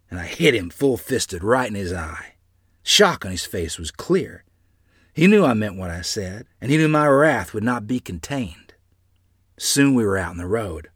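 A man narrating a memoir in the first person with a dramatic, expressive delivery. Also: mid-range voice, no room sound, studio quality.

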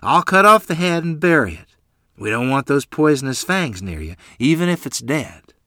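남자가 연기하는 차분하고 듬직한 목장 이웃. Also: male voice, a little high, big pitch swings, moderate pace, sharp tone, no echo, studio quality, pitched above the performer's own voice, full character voice. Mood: easygoing. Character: weathered ranch neighbor, calm and capable. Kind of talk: audiobook character voice.

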